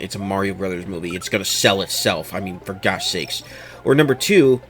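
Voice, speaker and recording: A man hosting a casual commentary show, giving opinionated, animated takes and mocking other people in quoted voices. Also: medium pitch, a little hiss or hum.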